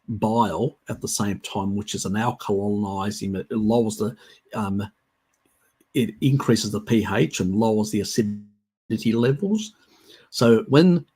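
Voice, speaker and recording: A man's voice: lowish voice, a little mellow, slightly rough. A man hosting a livestream, answering viewer questions in a chatty, rambling way. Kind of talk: casual livestream Q&A.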